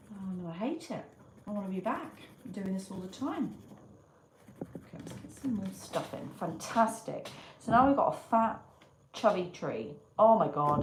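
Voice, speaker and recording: Chatty woman drawing on stream. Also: mid-range voice. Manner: chatty, mutters to herself, greets viewers brightly. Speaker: live-stream artist. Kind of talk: casual live-stream chat while drawing. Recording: echoey room with clear background noise.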